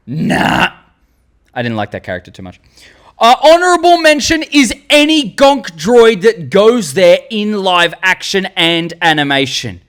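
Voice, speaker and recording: An Australian man hosting a fan video, gushing excitedly about favorite characters and breaking into silly voices. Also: fairly high pitch. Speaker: vlog host. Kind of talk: enthusiastic fan commentary.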